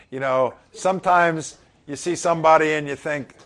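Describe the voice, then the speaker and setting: A man's voice: fairly high pitch, a little slow, long pauses, fairly bright tone. A middle-aged man giving an informal sermon, conversational with chuckling asides. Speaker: pastor.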